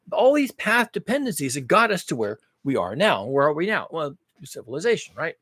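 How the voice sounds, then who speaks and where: A man's voice: a little high, slightly rough, dry recording, clean studio sound. Emphatic man musing in rhetorical questions. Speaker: host. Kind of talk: casual monologue.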